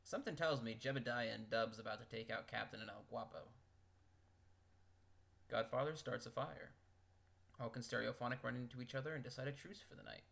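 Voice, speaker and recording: A man's voice: mid-range voice, creaky, fairly bright tone. A man reading out game events and making wry, joking comments between them, as a video host. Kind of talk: casual commentary.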